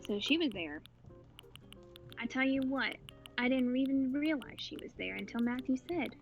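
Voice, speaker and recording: A woman's voice: on the high side, normal speed, faint music behind. A woman co-hosting a livestream, telling a story in casual chat and acting out what people said. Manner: animated storytelling, acting out quotes.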